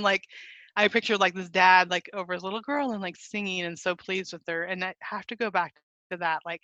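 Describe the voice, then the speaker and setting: Earnest bright-voiced woman guest. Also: lowish voice, steady tone, a little fast, no room sound, lo-fi sound. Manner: earnest, heartfelt, says "like" often. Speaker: guest author. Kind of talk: casual podcast conversation.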